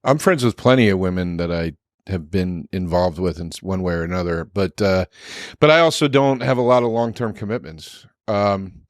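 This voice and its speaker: Low-voiced guy comic, deadpan jokes, lots of restarts, dry studio sound. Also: no echo. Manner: deadpan jokes, halting restarts, laughs often. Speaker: guest comedian. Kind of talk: casual comedic chat.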